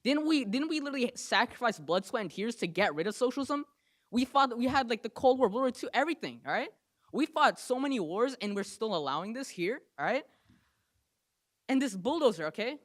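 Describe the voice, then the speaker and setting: A young man from New Jersey giving an impassioned public comment at a council meeting, fast and emphatic, ending phrases with "okay?" and "right?". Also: very high-pitched, animated, a bit bright.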